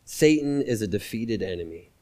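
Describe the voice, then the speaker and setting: A man preaching a sermon as a guest preacher, talking in a conversational, animated way and repeating lines for emphasis. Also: lowish voice, normal speed.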